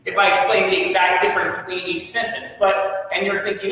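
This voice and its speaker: A man gives a lively classroom lecture, explaining points with a self-joking manner. His voice sits high and clear. The recording captures him from a distance in a large hall with a long, echoing reverb. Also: fairly quick. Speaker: Bible class teacher. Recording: echoey hall from far off.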